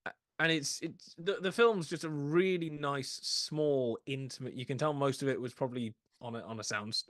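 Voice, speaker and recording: A man's voice: mid-range voice, fairly even intonation, normal speed, dry recording, clean studio sound. A man casually talking through a film on a podcast, stumbling and restarting often, acting out bits of dialogue. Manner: hesitant, many restarts, acts out quotes. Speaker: podcast co-host.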